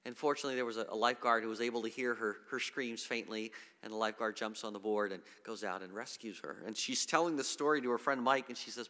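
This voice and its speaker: Male pastor preaching, sharp bright tone, earnest and halting, echoing hall sound. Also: lowish voice. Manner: earnest preaching with many restarts and repeated words. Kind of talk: sermon. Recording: long hall reverb.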